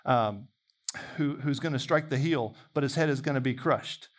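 A man preaching a sermon in a conversational, animated way, imagining dialogue aloud. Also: a little high, moderate pace.

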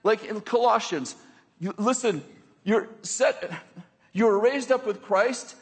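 A man with a high, husky voice preaches a sermon to his congregation. He talks in a conversational way, checking in with the room and slipping in jokes between points. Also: slow, in a large hall. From United States. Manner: conversational, joking asides with the congregation. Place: church hall with a congregation.

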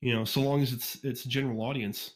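A man from Northeast Ohio talks in a loose, casual podcast chat. He tends to rush his words and leans on fillers and quick restarts. His voice sits at an everyday middle pitch, picked up cleanly by a USB condenser mic. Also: steady tone. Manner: fast-talking, informal, frequent fillers and restarts. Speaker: podcast guest, fan audiobook reader. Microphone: USB condenser microphone.

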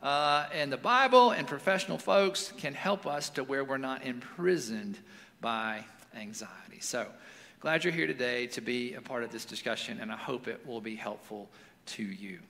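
A man in his forties, a pastor giving a sermon in a relaxed, storytelling way with casual fillers. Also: mid-range voice, moderate pace, gravelly. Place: church sanctuary. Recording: long reverb of a large hall.

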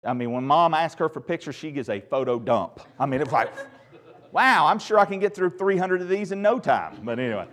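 A male pastor opening his sermon at a church service by telling dad jokes, laughing at his own punchlines and turning soft and tender when he speaks of his late father. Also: fairly high pitch, expressive, brisk. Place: church service with a live congregation.

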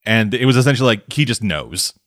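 A young man in casual film chat, excitable and swearing freely. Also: fairly low pitch, quick pace, no echo.

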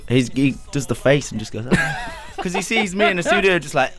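A man's voice: a little high, lively intonation, brisk, over music. A man who is a guest producer, chatting casually and giggling often. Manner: giggly, playful. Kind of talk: casual interview chat.

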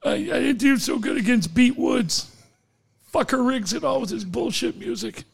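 A man's voice: very high-pitched, expressive, moderate pace, gravelly, breathy edge, pitched above the performer's own voice, heavily acted. A man voicing a touchy, boastful older male caller who squawks back at the host. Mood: indignant. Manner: squawking, indignant.

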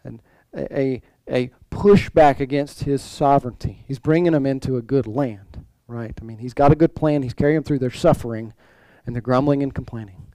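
A man's voice: medium pitch, moderate pace, few pauses, warm tone, no room sound, poor audio. A male pastor preaching a sermon in a conversational way, full of restarts and rhetorical questions.

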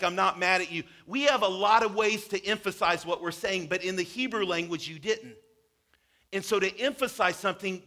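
A man's voice: high-pitched, pushed and bright. A pastor preaching a sermon in a conversational, emphatic way, acting out the quotes he tells.

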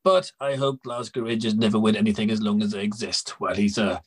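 A man's voice: lowish voice, fast, slightly rough. A Northern Irish man hosting a podcast, asking questions in a jokey, chatty way. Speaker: podcast host. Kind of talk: podcast interview.

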